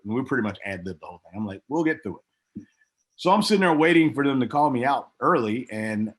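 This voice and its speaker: In a relaxed interview, a middle-aged former pro wrestler with a fairly low voice animatedly recounts a long backstage story. Whenever he acts out someone else's words, his pitch leaps high.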